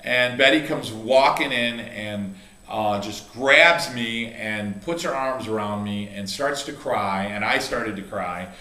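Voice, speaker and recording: A man's voice: on the low side, slow, sharp tone, roomy sound. A middle-aged man, a chiropractor and coach, telling a heartfelt story in a rambling way, with many restarts and fillers. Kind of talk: casual video talk.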